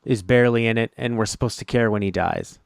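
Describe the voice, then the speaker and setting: A man's voice: fairly low pitch, fast talker, creaky, smooth, no room sound, studio quality. A man co-hosting a casual film review chat, blunt and profane, laughing easily.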